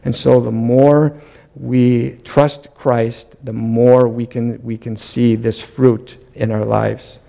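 Gravelly-voiced man preaching a sermon. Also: mid-range voice, flat delivery, takes it slowly, hardly any pauses, mellow. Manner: earnest preaching with rising emphatic questions. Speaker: pastor.

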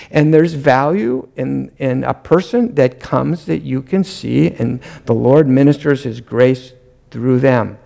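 Gravelly-voiced man preaching a sermon. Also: fairly high pitch, mellow. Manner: earnest preaching with rising emphatic questions. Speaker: pastor.

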